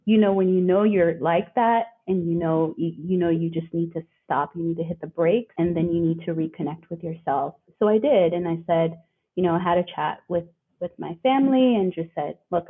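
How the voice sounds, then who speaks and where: A woman's voice: fairly low pitch, breathy edge. A woman guest speaking earnestly and reflectively in a conversational interview, often acting out what others said. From living in Australia. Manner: reflective, earnest, quotes others in lively voices. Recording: phone-like remote call audio.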